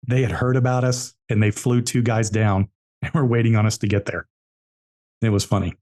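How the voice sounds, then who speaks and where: A man's voice: fairly low pitch, steady tone, normal speed, darkish tone. A man, an entrepreneur guest on a podcast, telling business stories emphatically and repeating his key points. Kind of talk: storytelling interview answers.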